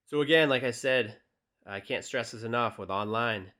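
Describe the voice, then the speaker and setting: A man's voice: mid-range voice, normal speed. A young man coaching on dating, talking casually with many fillers and reading text messages aloud. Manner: relaxed, direct, many fillers. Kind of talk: casual tutorial talk, reading texts aloud.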